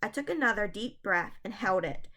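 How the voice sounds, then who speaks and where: A woman reads a spooky children's book aloud, chapter by chapter. Her delivery is dramatic and suspenseful, and her voice sits at a middle pitch. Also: animated, moderate pace, pushed and bright. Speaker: reader.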